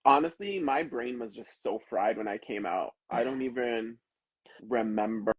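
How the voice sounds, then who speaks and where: A man's voice: medium pitch, expressive, moderate pace, slightly rough, no room sound. A man, a former reality show contestant, speaking casually in a group chat and often restarting his sentences. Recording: muffled dry lo-fi audio.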